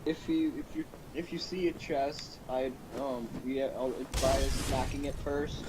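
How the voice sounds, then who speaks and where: A man's voice: medium pitch, fairly even intonation, a little slow, darkish tone, poor audio. A young man co-commenting on a friend's game, rambling and self-deprecating, with hesitant restarts. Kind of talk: casual chat.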